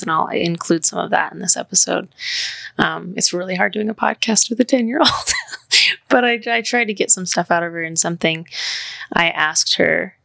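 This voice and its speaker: A woman in her thirties hosts a heartfelt podcast chat. Her voice is low-pitched, gravelly with vocal fry and rather bright. She talks in an earnest, rambling way, winding through stories. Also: no echo. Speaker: podcast host.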